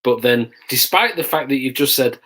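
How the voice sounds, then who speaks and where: A man's voice: medium pitch, lively intonation, moderate pace, fairly bright tone. A middle-aged man, a police custody sergeant, chatting casually to viewers in a rambling way and stopping to explain phrases.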